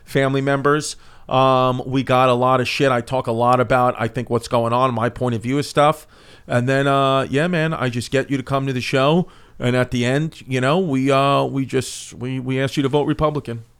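A brash comedian with a New York accent trades loose, joking banter, swearing freely. His voice sits at a plain, middle pitch for a man. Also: steady tone, moderate pace, fairly bright tone, smooth. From Staten Island, New York. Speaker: comedian guest. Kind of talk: casual chat. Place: apartment.

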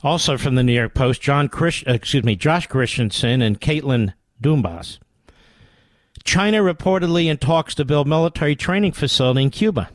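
A man's voice: mid-range voice, moderate pace, no echo. A man hosting a political talk radio show, delivering combative, mocking commentary.

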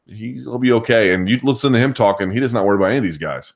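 A man hosting a live podcast chat, thinking out loud and restarting his sentences as he answers viewers' questions. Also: lowish voice, racing, vocal fry. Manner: thinking aloud, frequent restarts and hedging. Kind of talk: casual live chat commentary.

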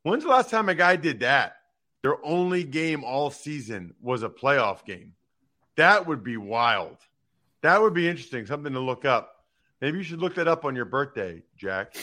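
A man hosting a sports talk show, giving emphatic, animated opinions on football news and teasing his co-host. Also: medium pitch, normal speed.

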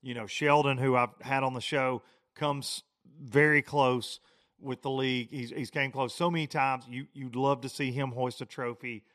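A man, hosting a podcast and telling a fishing tournament story in a lively, rambling way. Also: mid-range voice, normal speed. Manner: animated storytelling, frequent restarts and repeats. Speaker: podcast host. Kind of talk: casual podcast monologue.

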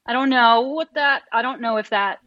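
A woman's voice: a little high, moderate pace, no echo, highs cut off. A woman guest chatting casually on a podcast, often trailing off mid-thought. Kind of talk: casual chat.

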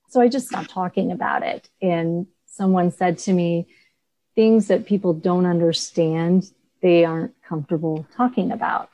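A woman artist on a video coaching call, telling her story in an earnest, animated way. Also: on the low side, no echo, rough recording.

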